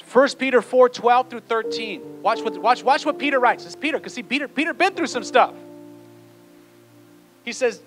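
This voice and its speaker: Animated high-voiced pastor preaching. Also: male voice, moderate pace, faint music behind. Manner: animated, playful, acts out quotes, urges the congregation. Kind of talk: sermon. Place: church.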